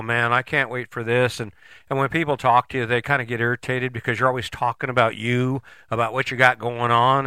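A man's voice: mid-range voice, bright, forceful tone, no echo, clean studio sound. A middle-aged man giving a casual, rambling motivational monologue as a podcast host, folksy and casually swearing.

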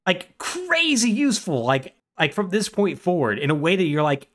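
A man co-hosting a podcast, retelling a game's story in animated, casual chat full of "like". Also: high-pitched, moderate pace, hardly any pauses. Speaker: podcast co-host.

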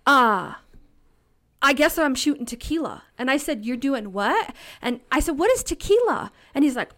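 A woman in her thirties telling stories as a podcast guest, animated and often laughing, acting out the voices of the people in them. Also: sits high, normal speed. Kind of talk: casual storytelling. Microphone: podcast studio mic.

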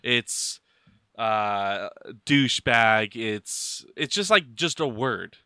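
A young man co-hosting a podcast, chatting casually, animated and joking, swearing freely. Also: medium pitch, extremely slow, clean tone, no room sound, clean studio sound. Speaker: podcast co-host. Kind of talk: casual chat.

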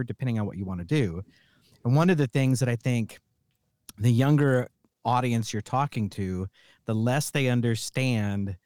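A middle-aged man hosts a casual podcast chat, telling stories with plenty of punch. His pitch swings freely up and down as he talks. The sound is close and dry, with no room around it. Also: no echo. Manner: animated storyteller, emphatic. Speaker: podcast host.

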